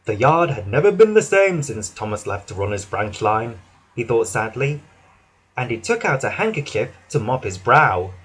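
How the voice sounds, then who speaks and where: A man narrating a children's storybook with an animated, expressive reading. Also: medium pitch, moderate pace, slightly rough.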